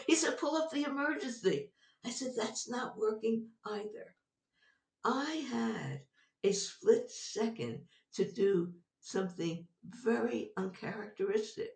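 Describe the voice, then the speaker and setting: Older woman telling an animated story. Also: a little high, unhurried, vocal fry, roomy sound, distant mic. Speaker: guest, psychologist. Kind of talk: storytelling in an interview.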